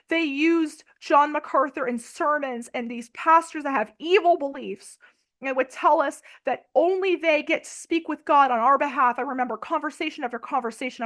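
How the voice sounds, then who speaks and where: A woman's voice: high-pitched, fairly bright tone. A young adult woman giving emotional personal testimony in an interview, tearful, urgent and emphatic. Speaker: interview guest.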